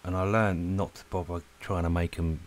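A man rambling casually to viewers as he draws, relaxed and a little breathless. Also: deep voice, normal speed, slight background noise. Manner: relaxed, rambling, talks to viewers while drawing. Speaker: art channel host. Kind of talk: casual chat while drawing. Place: lives in Spain.

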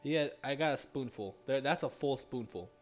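A young man streaming live in casual chat, loud, reactive and exclaiming. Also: medium pitch, moderate pace, faint music behind.

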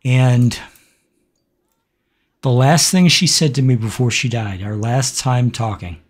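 A man hosting a casual game video, talking in a halting, reflective way with many pauses and fillers. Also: medium pitch. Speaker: gaming channel host. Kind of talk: casual let's-play commentary with a personal story.

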